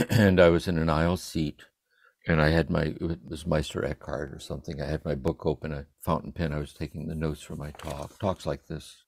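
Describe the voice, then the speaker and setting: An older man speaking from a room at home over a livestream, giving a contemplative spiritual reflection in a meditative way, letting his phrases trail off softly. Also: extremely low pitch, level tone, brisk, creaky, no echo. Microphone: livestream computer mic.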